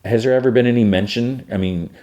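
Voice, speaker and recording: A man's voice: mid-range voice, fast talker, dark tone. A man hosting a podcast, breezily retelling TV scenes with lots of "like" and the odd chuckle. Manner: says fudge for swear words. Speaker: podcast host. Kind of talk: casual TV episode recap.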